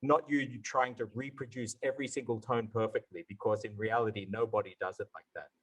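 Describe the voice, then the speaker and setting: An enthusiastic man teaching in a live question-and-answer session, talking at an average pitch. He explains with energy and keeps sounding out syllables to demonstrate each point. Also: fairly even intonation, fairly quick, a bit bright, husky, poor audio. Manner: enthusiastic, demonstrative, repeats syllables to show tones. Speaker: Mandarin tone instructor answering questions. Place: online event session.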